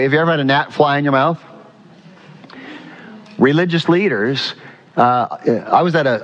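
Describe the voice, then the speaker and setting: A male pastor preaching a sermon in a church, animated and often quizzing the congregation. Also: medium pitch, muffled recording. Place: church sanctuary.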